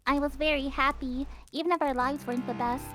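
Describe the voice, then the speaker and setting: A woman's voice: high-pitched, steady tone, a little fast, a bit bright. A woman reading aloud as a grim, world-weary female gravedigger in a game, over game music. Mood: somber. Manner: reads the lines, breaking into giggles. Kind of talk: reading visual novel dialogue aloud on stream.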